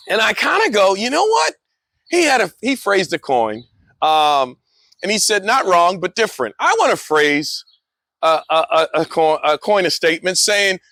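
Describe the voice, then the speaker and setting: A middle-aged man telling joking stories in a casual monologue, animated, laughing often and repeating words. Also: sits high, no echo. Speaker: motorcycle vlogger.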